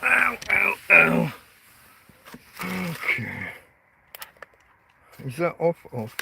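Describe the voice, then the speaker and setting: A man's voice: a little high, wildly swooping pitch, drawn-out words, vocal fry, noisy background. A man, hosting a casual livestream from a tent in a field, talking to his dog in an exasperated, sweary way. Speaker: livestream host. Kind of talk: casual night-time livestream chat.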